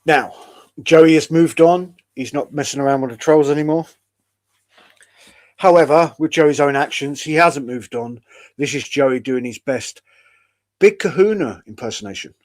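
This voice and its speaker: A man's voice: fairly high pitch, normal speed. A man hosting an online show in a casual, rambling, profane way. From United Kingdom. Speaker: podcast host. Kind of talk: casual chat.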